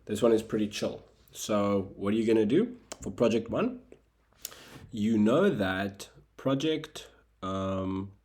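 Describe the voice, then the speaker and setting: A young man with a South African accent and a very low voice walks through a recorded lesson step by step. He adds wry asides as he goes. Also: gravelly, darkish tone. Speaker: tutor.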